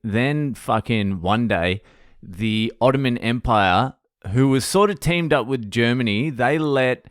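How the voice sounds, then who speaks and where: Swearing Australian bloke telling history. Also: male voice, mid-range voice, no room sound, studio quality. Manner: crude, swears constantly, rambling storytelling. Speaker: podcast host. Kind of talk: casual monologue.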